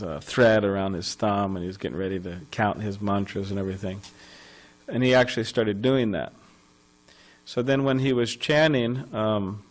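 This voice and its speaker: A man's voice: fairly low pitch, low-quality recording. A man giving a scripture class at a temple, telling a story conversationally with many fillers and restarts. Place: temple hall.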